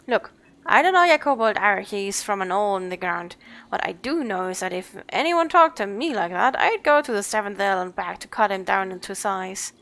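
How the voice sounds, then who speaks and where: A woman voicing a gruff, bold warrior woman from a game who scolds bluntly and swaggers. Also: mid-range voice, expressive, moderate pace, a bit bright. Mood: scornful. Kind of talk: reading game dialogue aloud.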